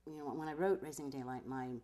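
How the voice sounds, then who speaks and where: A woman's voice: low-pitched, fast talker. A middle-aged woman with a trained stage voice, telling stories in an interview and mimicking other people. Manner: animated storyteller who mimics others. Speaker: guest filmmaker and actor. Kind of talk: interview conversation.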